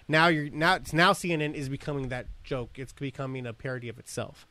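A man's voice: medium pitch, brisk, pushed and bright. A man hosting a casual podcast, rambling and swearing, often laughing as he talks. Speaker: podcast host.

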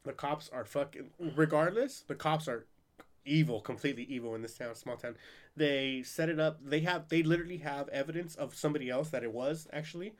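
A man's voice: fairly high pitch, a little fast. A man hosting a podcast in casual chat, rambling and profane, laughing often. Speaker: podcast host.

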